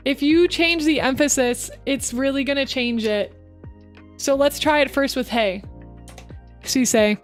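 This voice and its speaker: A woman's voice: high-pitched, unhurried, faint music behind. A woman streamer chatting casually into her microphone, giving upbeat voice acting tips to her chat. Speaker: VTuber streamer.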